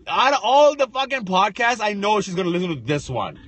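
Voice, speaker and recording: A man co-hosting a casual chat, telling slangy stories full of swearing. His voice is a little husky and on the high side, and it rises and falls a lot as he quotes people. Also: big pitch swings, brisk, fairly bright tone, dry recording. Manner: slangy, profane storytelling, quotes others. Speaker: podcast co-host.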